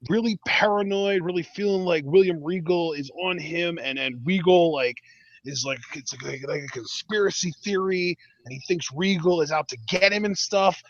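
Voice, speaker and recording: A man's voice: fairly high pitch, fairly bright tone, no echo. A man co-hosting a podcast in casual chat, talking things through analytically with frequent restarts. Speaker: podcast co-host. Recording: dull, dry lo-fi mic.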